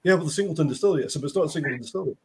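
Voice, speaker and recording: Husky man telling an animated anecdote. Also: a little high, very fast. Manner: animated storytelling, stammering restarts. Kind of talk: casual chat.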